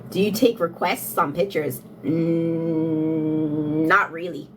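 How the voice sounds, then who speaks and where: Giggly young irish woman livestreamer, slow unhurried chat, faint hiss behind. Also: low voice, fairly even intonation. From Ireland. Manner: giggly, breaks into frequent laughter; repeats herself while thinking aloud. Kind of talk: casual live-stream chat, reading chat questions.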